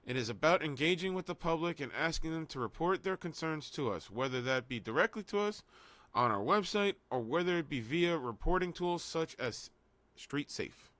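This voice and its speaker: A man's voice: fairly high pitch, lively intonation, moderate pace, fairly bright tone, no room sound. Sarcastic man co-hosting a talk show. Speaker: podcast co-host. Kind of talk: news reading and casual commentary.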